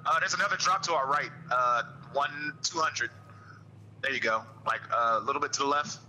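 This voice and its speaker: A man in a casual gaming chat, calmly giving his teammates steady tactical callouts. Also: mid-range voice, fairly quick, a little hiss or hum, rough recording. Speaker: gamer calling out directions.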